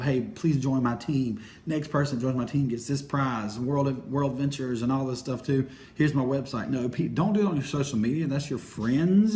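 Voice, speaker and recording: A young man giving an energetic sales training talk, acting out quick phone invitations. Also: medium pitch, a little hiss or hum.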